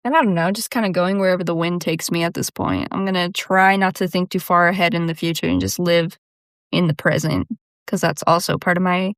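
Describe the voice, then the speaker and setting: This young woman's fairly low voice moves fairly quickly with fairly even intonation as she hosts her podcast solo. She's chatty and casual, laughs often, and fills her talk with "dude" and "like." There's no echo, just clean studio sound.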